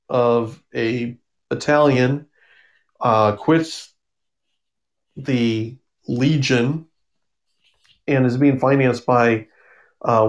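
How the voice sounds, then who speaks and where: A man casually recapping and reviewing comic books, rambling with ums and self-corrections. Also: mid-range voice.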